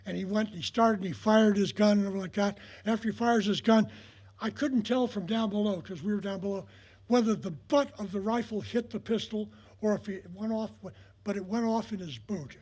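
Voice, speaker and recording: Older male raconteur with a husky, high voice; rambling stories with acted-out quotes. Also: a little mellow. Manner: rambling, many filler pauses, acts out quoted dialogue. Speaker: retired prop master giving a talk. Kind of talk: anecdotal storytelling talk. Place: talk in front of an audience.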